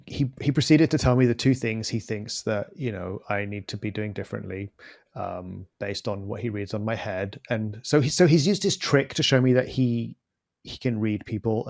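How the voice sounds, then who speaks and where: A man co-hosting a podcast, telling a story in a casual, animated, self-deprecating way. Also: on the low side, moderate pace, gravelly, no echo, studio quality. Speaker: podcast co-host.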